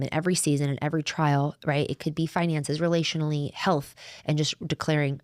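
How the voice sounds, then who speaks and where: Low-pitched and speaking at normal speed, a middle-aged woman co-hosting a faith podcast talks in a heartfelt, earnest way that wanders and restarts. The recording is dry and studio quality.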